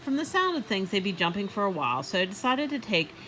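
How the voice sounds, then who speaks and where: A woman reading a children's book aloud in an expressive, animated way. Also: mid-range voice, fast talker, noisy background. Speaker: storybook reader.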